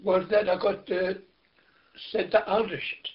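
An older man from Britain looks back on his army service for an interviewer. His voice sits a little high, and he rambles in halting bursts, leaning on "you know". The recording is dull and lo-fi. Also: little pitch movement. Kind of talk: oral history interview.

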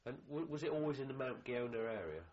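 A male interviewer asking probing questions in a hesitant, halting way for an oral history recording. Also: mid-range voice, lively intonation, darkish tone. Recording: dull lo-fi archive recording, faint noise.

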